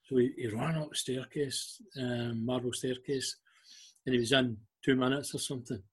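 An older Scottish man, a guest who once worked as a club liaison officer, swaps anecdotes in a relaxed interview. His medium-pitched voice is slightly rough and fairly even in intonation, moving at a normal pace. He acts out the quoted dialogue, voicing the people in his stories.

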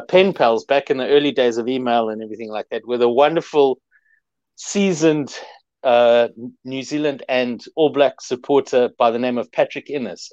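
A man's voice: medium pitch, darkish tone, dry recording. Thoughtful man, dull dry sound. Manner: thoughtful, hesitant with fillers. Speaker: rugby podcast co-host. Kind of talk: reflective sports chat.

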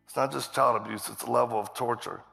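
A man's voice: mid-range voice, fairly even intonation, quick pace, creaky, fairly bright tone, in a large hall, soft background music. A man preaching a testimony sermon in a church, telling his story vividly and acting out the quotes. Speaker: guest preacher. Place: church auditorium.

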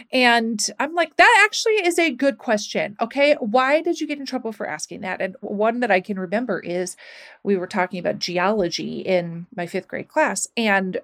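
A woman who works as a teacher, telling animated anecdotes as a guest in a casual conversation. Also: mid-range voice. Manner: animated, rising indignation in anecdotes.

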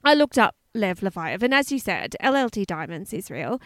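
Chatty, animated woman podcast host. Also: mid-range voice, moderate pace, dry recording, clean studio sound. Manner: chatty, animated storytelling with frequent asides. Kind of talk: casual podcast chat.

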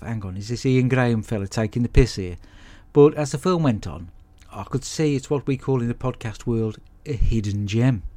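Male podcast host, deadpan and sweary, dry comic film recaps. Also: medium pitch. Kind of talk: comic film review monologue.

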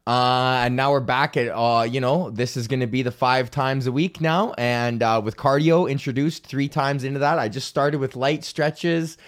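A man's voice: medium pitch, fairly even intonation, moderate pace, few pauses. A man hosting his own podcast, talking in a rambling, profane, self-mocking way. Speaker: podcast host. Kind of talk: casual solo podcast rant.

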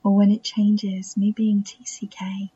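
A woman podcast host with a self-taught English accent, speaking in a soft, reflective monologue that keeps slipping into near-whispers. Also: medium pitch, completely flat delivery, unhurried, husky. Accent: self-taught English accent that drifts toward American. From England. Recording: dull, muffled recording.

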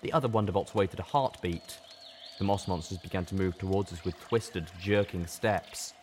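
A man narrating a first-person fan fiction story in a steady, measured way. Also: sits low, slight background noise. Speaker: audiobook reader.

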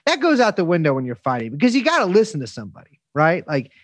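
A man's voice: on the high side, big pitch swings, quick pace, dry recording. A man telling stories as an interview guest, rambling through restarts and fillers and swearing freely. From United States. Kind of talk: casual storytelling interview.

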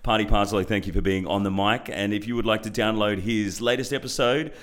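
A man's voice: lowish voice, steady tone, brisk, a bit bright. A man hosting a podcast, loose and giggly, swearing casually. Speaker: podcast host. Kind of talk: casual interview chat.

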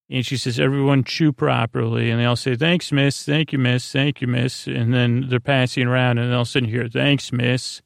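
A man talks through a story recap at an easy ramble, stopping for "uh" and restarting his sentences. His voice is gravelly and stays on an even, flat line, and the recording is close and dry with no room sound. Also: medium pitch, no room sound. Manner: meandering, hesitant, full of "uh" and restarts; quotes characters in his own plain voice. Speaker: podcast host. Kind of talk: rambling episode recap for sleep.

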